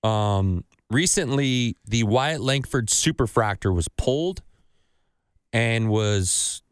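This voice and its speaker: A man hosts a casual podcast, mid-pitched and dry on the mic. He tells stories in an animated way, swears freely and acts out other people's lines. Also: slow, clear, resonant tone, no echo. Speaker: podcast host.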